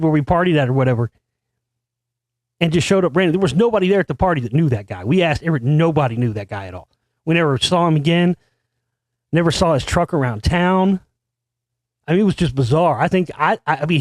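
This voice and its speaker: A man hosts a show, recorded cleanly in a studio with no room sound. He tells a crude, boastful party story packed with swearing, swaggering as he goes and acting out the people in it with sudden loud, high outbursts. It's a profane storytelling monologue.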